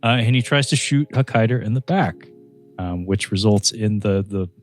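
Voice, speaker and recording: A man's voice: on the low side, normal speed, faint music behind. Laughing man rambling through a film recap. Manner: laughs often, rambling with many restarts and fillers. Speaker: podcast co-host reviewing a film. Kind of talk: casual film review chat.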